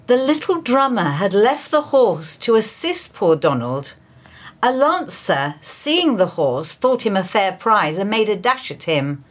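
A woman on the radio reading historical news items with expressive storytelling. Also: medium pitch, measured pace.

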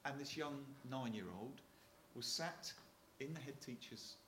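A man's voice: medium pitch, measured pace, sharp tone, reverberant, slight background noise. Older Hampshire man telling stories. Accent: Hampshire English. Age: 60s. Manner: chatty storyteller with frequent restarts and chuckles. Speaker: retired Royal Marine speaker. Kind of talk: anecdotal talk to an audience.

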